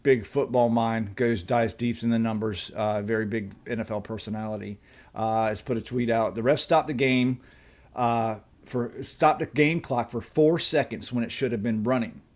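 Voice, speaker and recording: A man co-hosting a casual sports podcast, talking haltingly with many uhs and restarts. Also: mid-range voice, steady tone, a little mellow. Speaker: podcast co-host.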